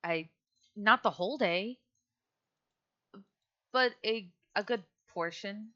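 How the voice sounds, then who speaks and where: A woman voicing a shy, halting young crafter. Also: mid-range voice, bright, forceful tone, voice pushed up. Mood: hesitant. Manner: hesitant, halting. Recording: dull lo-fi audio.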